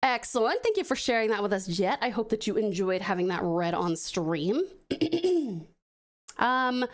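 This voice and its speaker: A woman from Australia with an Australian accent, an expressive streamer reading viewer stories aloud and chatting effusively. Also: medium pitch, a little slow. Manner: expressive, warmly effusive to chat. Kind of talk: dramatic storytelling reading.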